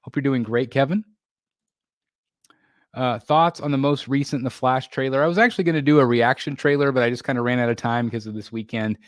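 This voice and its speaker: A man's voice: mid-range voice, a little fast, no echo, clean studio sound. A man hosting a casual live stream, chatting loosely with viewers and reading their comments, rambling with lots of fillers and restarts. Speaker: livestream host.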